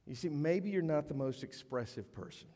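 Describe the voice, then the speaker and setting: A male pastor delivers a sermon with a fairly high voice. He tells stories with animation and acts out the voices of the people in them. The sound rings with the long reverb of a large church hall. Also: big pitch swings, moderate pace, dark tone. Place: church sanctuary.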